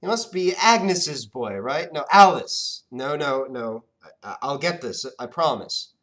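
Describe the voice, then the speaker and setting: A man's voice: a little high, animated, measured pace, fairly bright tone, pitched above the performer's own voice. A man doing a puffed-up, scatterbrained genie-like man. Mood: flustered guessing. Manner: boastful, scatterbrained, rambling guesses. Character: flamboyant forgetful blue-skinned genasi man.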